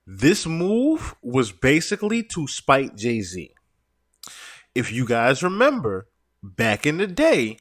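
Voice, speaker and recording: A man's voice: medium pitch, takes it slowly. A man giving casual, explanatory reaction commentary on a played clip. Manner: animated, explanatory.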